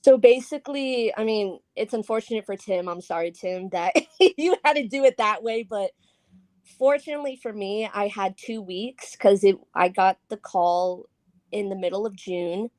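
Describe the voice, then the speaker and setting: A woman's voice: mid-range voice, normal speed, darkish tone, no room sound. A woman guest scare actor chatting casually on a podcast, talking loosely with many fillers and giggles.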